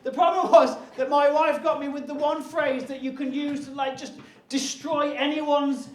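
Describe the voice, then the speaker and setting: A man with a strikingly high voice tells a self-mocking story on a live comedy stage. His delivery is animated and punchy. The room is echoey, and audience laughter sits clearly behind him. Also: normal speed, a little hiss or hum. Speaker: stand-up comedian.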